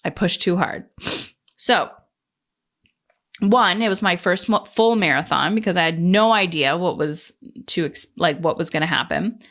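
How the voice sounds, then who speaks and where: A woman's voice: on the low side, unhurried, long pauses, a bit bright. A woman from Canada hosting a podcast, telling a personal story in a candid, casual way, swearing freely and acting out the voices of people she quotes. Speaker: podcast host.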